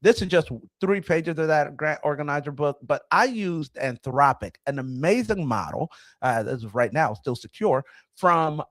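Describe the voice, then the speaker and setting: A man in his thirties hosting a casual commentary vlog, talking in an excitable, rambling way with frequent restarts. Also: a little high, no echo. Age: 30s. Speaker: host.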